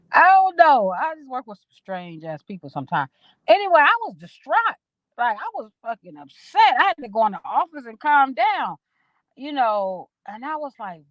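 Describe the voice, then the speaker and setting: A woman's voice: fairly low pitch, no echo. A middle-aged woman talks straight to her viewers on a phone livestream, rambling and emotional, dropping casual swears. The sound is dry and a bit dull, like a phone outdoors. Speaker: vlogger talking to viewers. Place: outdoors at a park.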